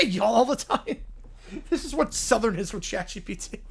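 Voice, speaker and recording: A man hosting a casual live stream, tossing quick, low-key asides about the game. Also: expressive, vocal fry, slightly rough.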